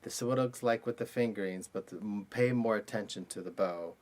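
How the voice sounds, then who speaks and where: A man's voice: fairly low pitch, a little fast, hardly any pauses. A man teaching an online cello lesson, explaining step by step and now and then singing note rhythms aloud.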